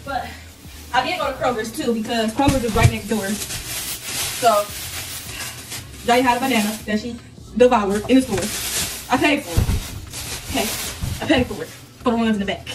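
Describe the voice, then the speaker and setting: A woman's voice: a little high, moderate pace, long pauses. A young woman hosting a casual haul vlog, chatty and slangy, talking straight to her viewers. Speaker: vlogger. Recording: echoey room, distant mic, faint noise.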